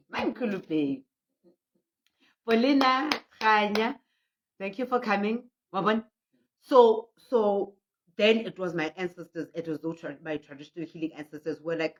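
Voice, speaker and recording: A middle-aged woman with a South African accent, a traditional healer hosting a livestreamed prayer session, telling stories in an animated way and reading out viewer comments. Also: medium pitch, normal speed. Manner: frequent laughter and restarts. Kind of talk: livestream talk. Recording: muffled lo-fi audio.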